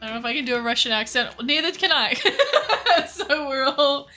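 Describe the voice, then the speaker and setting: A woman's voice: sits high, very animated, normal speed, bright, forceful tone, soft background music. Giggly, foul-mouthed woman streaming a game. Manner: giggly, swears a lot, self-mocking. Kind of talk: casual gameplay commentary.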